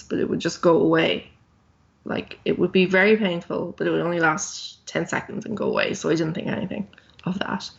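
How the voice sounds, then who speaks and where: Candid woman with a gravelly voice. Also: on the low side, lo-fi sound. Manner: candid, plain-spoken, frequent ums. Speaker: guest. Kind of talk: telling her story in a podcast interview.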